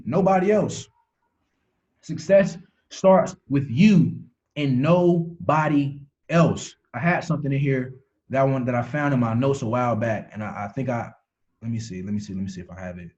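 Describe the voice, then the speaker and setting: A man's voice: medium pitch, fairly quick, a little mellow, dull audio. A man giving a motivational talk on a call, preachy, repeating phrases for emphasis and restarting words as he goes. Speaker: motivational speaker.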